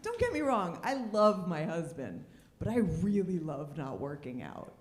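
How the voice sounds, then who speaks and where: A woman performing a stand-up comedy set on a club stage, dropping wry, deadpan punchlines between lively asides. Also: fairly low pitch, unhurried, roomy sound.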